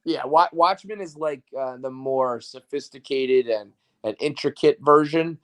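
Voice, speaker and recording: A man hosting a sports podcast, chatting loosely and swearing freely. His voice sits at an ordinary middle pitch, and he gets worked up and excited as he riffs. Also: unhurried. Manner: profane, excitable sports banter. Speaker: podcast host. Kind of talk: casual chat.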